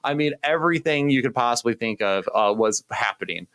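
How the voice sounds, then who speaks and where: A young man, a youth pastor, casually telling a personal story with animated, self-deprecating humor and acted-out quotes. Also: medium pitch, brisk, smooth, dry recording. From Indiana, US. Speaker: youth pastor, podcast co-host.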